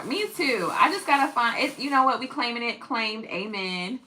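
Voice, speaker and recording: A woman's voice: on the high side, very animated, normal speed, pauses often, bright, forceful tone, slight background noise, low-quality recording. A woman in her thirties chatting casually on a livestream at home, reading out viewer comments and laughing often. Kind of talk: casual live-stream chat. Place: at home, tidying up.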